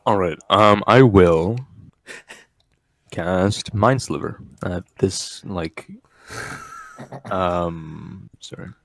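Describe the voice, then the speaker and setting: A man taking part in a tabletop game, talking hesitantly with pauses. His voice is very deep and his pace unhurried, and the sound is dry and close. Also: creaky, dry recording. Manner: hesitant, halting. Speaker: player. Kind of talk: casual game chat.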